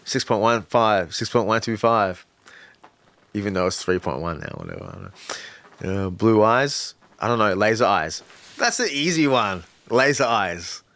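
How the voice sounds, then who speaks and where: A man's voice: on the low side, a bit bright, dry recording. A man hosting a casual livestream who brainstorms rap lyrics aloud, muttering and repeating lines as he works them out. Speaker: livestream host and rapper.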